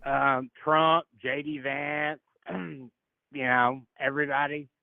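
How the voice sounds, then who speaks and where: A male caller arguing with the host, aggravated and halting, repeating himself as he goes. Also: on the high side, fairly even intonation, gravelly, dry recording. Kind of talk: argument on a phone call-in. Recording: tinny phone line.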